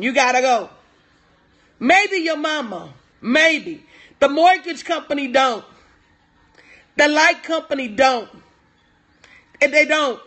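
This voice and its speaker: Speaking to viewers on a livestream, a middle-aged businesswoman coach delivers emphatic motivational talk, repeating key points and calling out names in greeting. Her voice is high and slightly bright.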